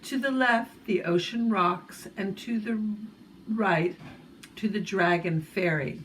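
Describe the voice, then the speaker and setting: Slow, gentle woman reading a children's book. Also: mid-range voice, slight background noise, low-quality recording. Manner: gentle, slow, with asides to young listeners. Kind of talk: children's book read-aloud.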